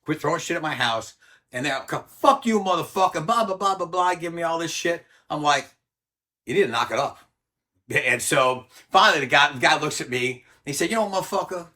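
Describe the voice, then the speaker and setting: Older man, interview guest, blunt and profane storyteller, bright forceful voice. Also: mid-range voice. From United States. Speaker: interview guest, former Army Ranger.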